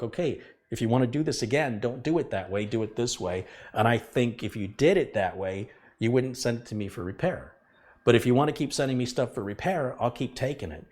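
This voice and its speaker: A middle-aged man hosting a casual live stream, talking earnestly and emphatically and repeating his points to drive them home. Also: lowish voice. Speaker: livestream host, computer repair technician.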